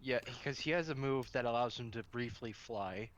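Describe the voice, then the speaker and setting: A man's voice: mid-range voice, normal speed, lo-fi sound, a little hiss or hum. A young man in casual stream chat, trading crude jokes and explaining game mechanics. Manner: crude joking banter, explains game details.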